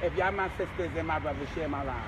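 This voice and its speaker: A man's voice: fairly high pitch, quick pace. A man sharing a live stream outdoors, chatty and affectionate, greeting viewers by name. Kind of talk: casual livestream banter. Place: outdoors on a city street. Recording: noisy outdoor street audio. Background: traffic and street noise.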